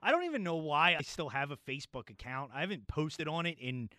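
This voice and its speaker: Male call-in radio host, chatty and stumbling, animated delivery, dry close studio sound. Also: a little high, brisk, no echo. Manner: casual, chatty, stumbles and repeats words. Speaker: radio talk show host. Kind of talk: call-in sports talk radio. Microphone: studio microphone.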